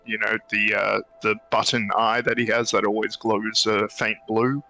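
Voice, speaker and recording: A man at a tabletop game talks in an easygoing way about his character. His voice is low and gravelly, with a bright, forceful edge. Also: rough recording. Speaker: player. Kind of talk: casual tabletop game chat.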